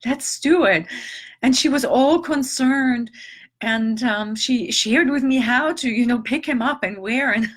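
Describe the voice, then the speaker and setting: A middle-aged woman telling a personal story in a reflective, halting, emotional way, with long pauses. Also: a little high, a bit bright. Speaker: transformational teacher.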